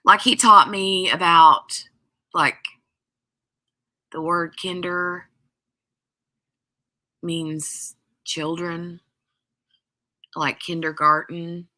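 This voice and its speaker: A woman's voice: lowish voice, steady tone, drawn-out words, pauses often, sharp tone. A woman hosting a craft live stream, chatting casually with viewers in a rambling way full of "like" and "um".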